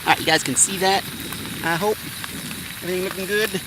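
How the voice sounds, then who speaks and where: Speaking fairly quickly with fairly even intonation, a high-voiced fishing vlogger chats cheerfully to his viewers during a casual livestream, cooking outdoors on a riverbank. He addresses a tripod-mounted camera, and loud ambient noise runs through the outdoor recording.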